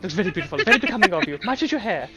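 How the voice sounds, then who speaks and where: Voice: mid-range voice, sing-song, rapid-fire, pitched above the performer's own voice, lightly acted. A game master voicing a fussy old woman baker who talks nonstop and gushes over guests. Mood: gushing. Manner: gushing, nonstop talking, fussing.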